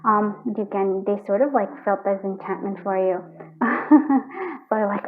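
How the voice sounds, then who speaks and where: A woman's voice: mid-range voice, steady tone, measured pace. A woman giving a casual pick-a-card tarot reading from home, talking in a rambling, chatty way full of fillers. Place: at home with her cats. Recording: thin, phone-like sound.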